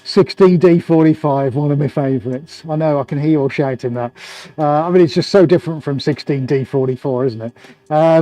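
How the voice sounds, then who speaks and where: A man paints on a live stream from his indoor studio, keeping up a chatty, jokey commentary and laughing frequently as he goes. He has a mellow, mid-range voice.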